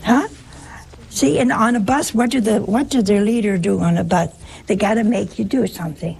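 A woman with a deeply raspy voice, rough and gravelly at the edges, gives an informal spiritual talk. She is chatty and humorous, moving easily from story to story as a religious sister talking to a crowd. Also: moderate pace, a little mellow. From United States.

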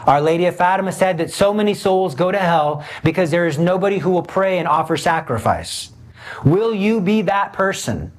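A man preaching an impassioned Catholic sermon, emphatic, with rhetorical questions and sudden swings in pitch. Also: lively intonation, moderate pace.

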